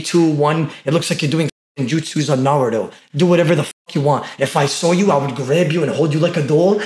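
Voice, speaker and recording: A man's voice: on the high side, echoey room, slight background noise. A young man from Brooklyn, New York, a streamer bantering with strangers on video chat in brash, teasing slang and roasting them bluntly.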